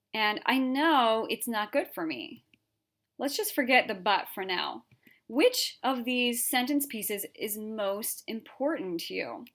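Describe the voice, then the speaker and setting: A woman teaching an English grammar lesson, explaining patiently and reading example sentences aloud. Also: medium pitch.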